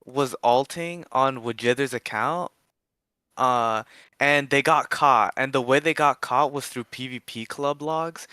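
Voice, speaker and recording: A man's voice: medium pitch, bright, forceful tone, clear, resonant tone, no room sound. A young man on a voice call, giving an emphatic, casual explanation and swearing freely. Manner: emphatic, swears freely, talks over others. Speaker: guest, video creator.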